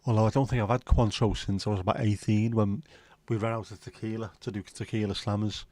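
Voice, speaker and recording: A man's voice: fairly low pitch, steady tone, brisk, hardly any pauses, darkish tone, dry recording. A man in his fifties hosting a livestream, chatting in laid-back banter with dry jokes and the odd swear. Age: 50s. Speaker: livestream host. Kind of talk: casual chat.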